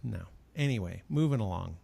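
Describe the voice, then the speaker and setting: A man's voice: on the low side, animated, a little fast, creaky, dark tone, breathy edge, dry recording. A man co-hosting a podcast, chatting casually with friends and tossing out joking, opinionated asides. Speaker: podcast co-host. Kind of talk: casual chat.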